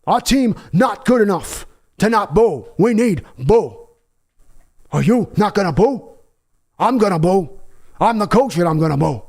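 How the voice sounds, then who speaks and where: Brief: fiery coach speech, man doing an impression, emphatic, loud, warm low timbre. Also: expressive, measured pace, husky, heavily acted. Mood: fired up. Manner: rousing, emphatic, preachy. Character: fiery older male football coach giving a speech.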